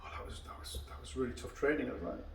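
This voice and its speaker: A man's voice: medium pitch, fairly even intonation, very fast, creaky, a little hiss or hum. A man hosting a casual podcast chat over a beer, telling long anecdotes and acting out what others said. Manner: long rambling anecdotes, acting out quoted dialogue. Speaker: karate instructor and podcast host. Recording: echoey room, mic at a distance.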